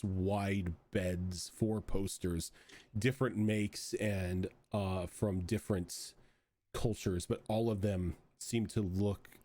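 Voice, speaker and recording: Low-voiced guy running a tabletop game, easygoing, lots of uhs and likes. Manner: relaxed, with filler words. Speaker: game master.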